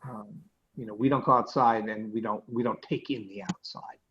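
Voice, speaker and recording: Husky-voiced rabbi lecturing over video call. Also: male voice, lowish voice, fairly even intonation, moderate pace, fairly bright tone. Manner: hesitant, many fillers and restarts. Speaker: rabbi teaching a class. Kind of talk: conversational lecture. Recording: dull lo-fi video call audio.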